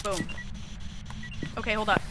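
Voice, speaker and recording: A woman streaming a horror game, chatting casually with viewers, sassy and swearing freely, with sudden excited yelps. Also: medium pitch, unhurried, very noisy. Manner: bursts into excited yelps during scares. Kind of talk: casual live-stream chat over gameplay.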